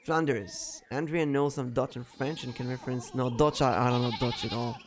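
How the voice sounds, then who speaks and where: A man's voice: medium pitch, fairly even intonation, normal speed, slight background noise. Rambling man. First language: Danish. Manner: rambling, self-correcting, laughs easily. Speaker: streamer playing a game. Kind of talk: casual let's-play commentary.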